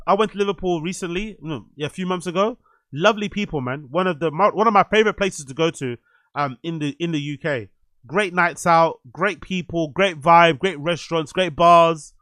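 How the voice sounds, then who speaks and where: A man's voice: on the high side, fairly bright tone, no echo. A man hosting a podcast, giving blunt, heated, profane reaction commentary on video clips.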